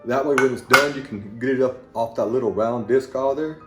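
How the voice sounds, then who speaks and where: A man's voice: medium pitch, a little fast, echoey room, loud music behind the voice. A man with a Southern accent hosting a home cooking video, talking plainly and folksy with rambling asides as he walks through a recipe in his kitchen. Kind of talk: casual cooking demonstration.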